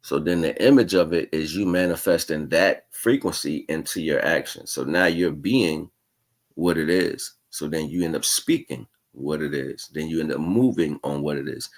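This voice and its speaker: A man with a very low voice talks through a spiritual livestream monologue. His delivery is casual and slangy, winding along with restarts. He keeps checking in with the listener as he muses. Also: normal speed. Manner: casual, slangy, keeps asking "you know what I'm saying"; rambling, musing delivery with restarts. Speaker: livestream host.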